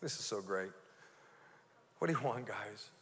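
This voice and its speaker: A man's voice: lowish voice, lively intonation, a little slow, a bit bright. A male pastor preaching a live sermon, earnest and often restarting his words. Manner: earnest, with repeated stammered restarts. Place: church sanctuary. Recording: reverberant church hall.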